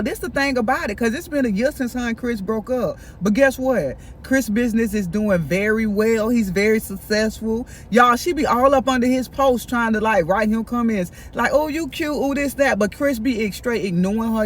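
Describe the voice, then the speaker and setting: A man chatting in a casual storytime vlog, animated and gossipy, talking straight to his viewers. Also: very high voice, moderate pace, few pauses, a little hiss or hum. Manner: animated, gossipy, keeps addressing viewers directly. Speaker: vlogger. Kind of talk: casual storytime while eating.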